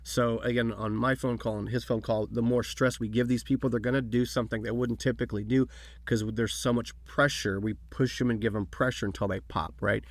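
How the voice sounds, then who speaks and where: Mid-pitched man in dry casual chat. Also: a little fast, no room sound. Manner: relaxed, joking, explaining in loose phrases. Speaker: podcast host.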